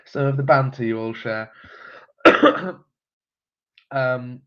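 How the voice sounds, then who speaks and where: On slightly muffled lo-fi audio, a genealogy livestream host with a mid-range, fairly bright voice takes it slowly, leaving long pauses. He chats casually through viewer comments, often saying um and chuckling.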